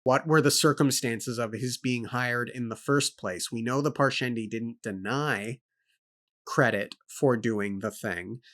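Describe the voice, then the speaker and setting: A man's voice: medium pitch, a little slow, a bit bright. A man co-hosting a book club podcast, thinking aloud and laying out his points and questions one by one. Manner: thoughtful, lists points and questions. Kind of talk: casual book discussion.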